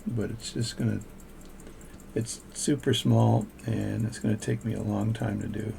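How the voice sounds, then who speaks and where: An older watchmaker at his home workshop casually talks through his repair work, chatting and thinking aloud between steps. His voice is fairly low, creaky and dark, with a flat, unhurried delivery, and there's a little hiss or hum in the audio.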